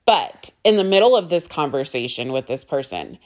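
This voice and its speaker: A woman's voice: deep voice, sing-song, normal speed, a little mellow. A young woman, a mother, telling a personal story in an emotional, emphatic monologue, swearing and repeating herself for stress.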